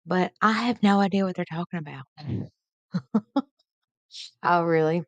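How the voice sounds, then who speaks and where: A chatty woman hosts a late-night live stream, greeting her viewers by name in a folksy way. Her voice sits low, and it sounds close and dry. She laughs easily and talks freely. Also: measured pace, no echo, dull audio.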